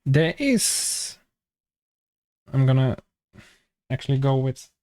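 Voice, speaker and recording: A man's voice: mid-range voice, big pitch swings, takes it slowly, a little mellow. A young man with a Dutch accent chatting casually and jokingly with viewers on a live stream, swearing freely. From Netherlands.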